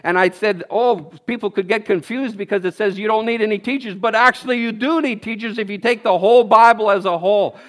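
A man in his fifties preaches at a church service, his voice strikingly high. He talks with bursts of energy, exclaiming and chuckling as he goes. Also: fairly quick, few pauses. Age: 50s. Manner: energetic, exclaiming, laughing often. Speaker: guest preacher. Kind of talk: sermon.

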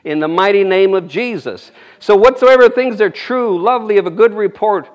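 A man's voice: high voice, normal speed. A man preaching an informal sermon, rambling and folksy, with frequent amens and chuckles.

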